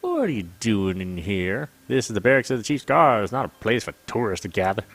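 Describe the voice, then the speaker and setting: A man's voice: fairly low pitch, very animated, a little fast, a bit bright, faint music behind. A suspicious female desert guard shoos away strangers in a clipped, dismissive tone, as a man puts her on. She speaks with a put-on American Southern accent, like a guard reading lines in a game. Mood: stern. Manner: brusque, dismissive.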